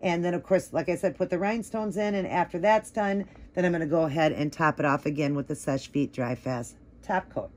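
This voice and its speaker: Chatty low-voiced woman rambling through a nail tutorial. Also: fairly quick, few pauses, darkish tone. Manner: chatty, rambling, many "like" and "um" fillers. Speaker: nail art vlogger. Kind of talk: casual tutorial talk.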